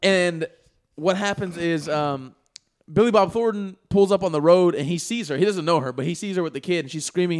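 Fast-talking animated man retelling a film. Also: a little high. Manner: animated, fast storytelling with crude slang. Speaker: podcast co-host. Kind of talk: casual chat, retelling a movie plot.

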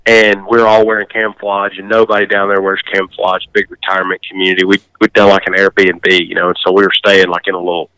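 A man's voice: low voice, flat delivery, fast talker, few pauses, pushed and bright, clear, resonant tone, no room sound, low-quality recording. A man hosting a hunting podcast, chatting casually and telling stories with frequent laughs and restarts. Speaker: podcast host. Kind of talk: casual chat.

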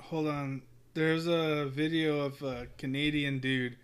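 A man's voice: fairly high pitch, level tone, slow, clean tone. A man in casual chat as a podcast co-host, swearing freely, laughing often and telling anecdotes.

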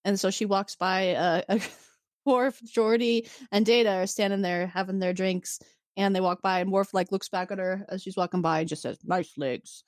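A female podcast co-host with a medium-pitched voice speaks at normal speed, casually going over an episode. She animatedly performs the characters' lines in quoted voices. Her recording is clean studio sound without any room sound.

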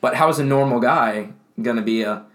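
A man's voice: mid-range voice, brisk. Young guy podcast co-host, chatty, laughs a lot, restarts his sentences. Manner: animated, laughs often, rambling restarts. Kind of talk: casual chat.

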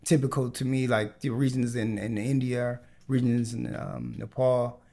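A man's voice: mid-range voice, flat delivery, measured pace, gravelly, mellow. A man hosting a casual podcast chat, talking with many fillers and restarts. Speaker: podcast host.

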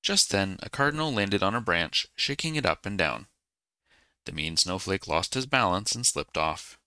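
A man reading a bedtime story aloud, calm and gently expressive. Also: sits low, moderate pace, clear, resonant tone, no echo.

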